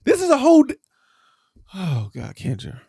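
Talkative male co-host, slightly high voice, dry close sound, rambling recap, pitch leaps when exasperated. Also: huge pitch swings, moderate pace, gravelly, warm tone, breathy edge, dry recording. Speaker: podcast co-host. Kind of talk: casual recap chat.

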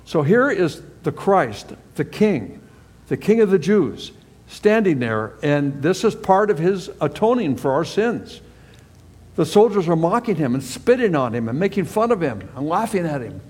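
Male pastor, high-pitched voice, earnest verse-by-verse sermon delivery, long reverb of a church hall. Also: sing-song, a little slow, darkish tone, slightly rough. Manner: earnest, reads scripture aloud and explains it verse by verse.

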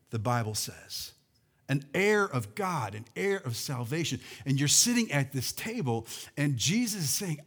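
This is a male pastor with a high voice, preaching a sermon in a church sanctuary. He is animated and calls on his congregation, and his delivery swings from loud to soft. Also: husky. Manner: animated preaching with call-and-response and swings in loudness.

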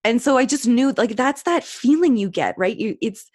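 A woman's voice: fairly high pitch, lively intonation, moderate pace, darkish tone. Enthusiastic woman podcast guest. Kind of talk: casual interview chat.

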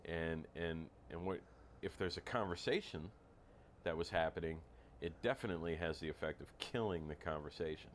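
Man, very deep voice, reflective, halting, faint noise behind. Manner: reflective, halting, repeats words while searching. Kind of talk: casual chat.

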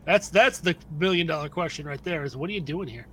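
An easygoing man playing a tabletop game, offhand and relaxed in how he talks. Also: fairly high pitch, quick pace. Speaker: player. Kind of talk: casual tabletop play.

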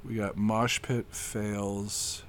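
A young man giving casual, crude reaction commentary on videos, excitable and swearing, with laughing outbursts. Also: lowish voice, drawn-out words, a little hiss or hum.

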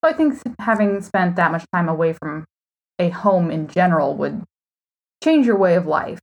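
A woman co-hosting a casual podcast chat with dry, sarcastic humor, recording from a hotel room. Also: on the low side. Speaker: podcast co-host.

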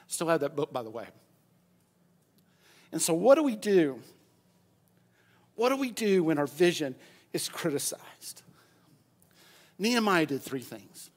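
A man preaching a sermon, moving from quiet storytelling to loud, shouted preaching and leading the congregation in call-and-response. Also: fairly high pitch, expressive, moderate pace, pauses often. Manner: leads the congregation in repeating phrases. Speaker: pastor.

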